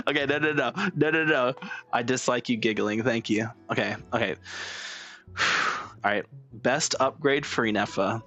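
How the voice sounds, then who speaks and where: A man's voice: medium pitch, slow pace, long pauses, bright, forceful tone. A young man streaming a video game, chatting casually, rambling and breaking into giggles. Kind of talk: casual gameplay chat. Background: game music.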